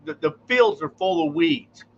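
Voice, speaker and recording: A man's voice: on the high side, expressive, a little slow, muffled recording, slight background noise. A man hosting a radio talk show, easygoing and hesitant, often repeating words. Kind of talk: casual chat.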